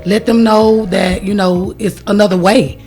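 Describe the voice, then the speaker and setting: A woman's voice: mid-range voice, steady tone, a little slow, dark tone, faint music behind. A woman minister, a radio guest, talking casually with many "you know"s and "um"s. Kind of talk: radio interview. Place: radio studio.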